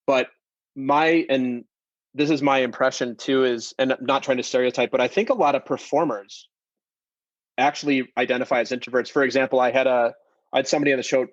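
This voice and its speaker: Male podcast host, mid-pitched, talkative and loose, on slightly muffled audio. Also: dry recording. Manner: chatty, rambling with restarts. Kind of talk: casual interview chat.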